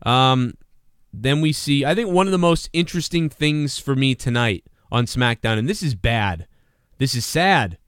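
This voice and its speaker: A man hosting a casual wrestling review show, blunt and profane, running through supporter shout-outs and complaining about matches. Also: medium pitch, animated, moderate pace, clear, resonant tone, no echo, clean studio sound. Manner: mimics wrestler promos in a louder voice. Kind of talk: casual solo review commentary.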